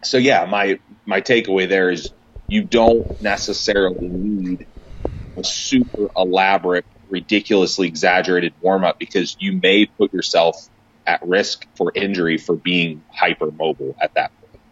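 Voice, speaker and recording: A man talking casually about fitness and warm-ups in a podcast chat, rambling and emphatic with many restarts. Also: sits low, fairly even intonation, normal speed, breathy edge, dry recording, dull audio.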